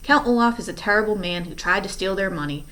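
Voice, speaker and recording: A woman's voice: mid-range voice, fast, fairly bright tone, close to an everyday voice. A woman reading aloud, voicing a fussy, formal middle-aged banker who misses what is going on.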